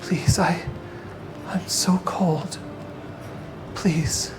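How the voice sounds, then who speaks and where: A man voicing a young woman who fakes fainting and pleads, breathy and trembling. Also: fairly high pitch, level tone, extremely slow, music in the background, low-quality recording. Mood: pleading.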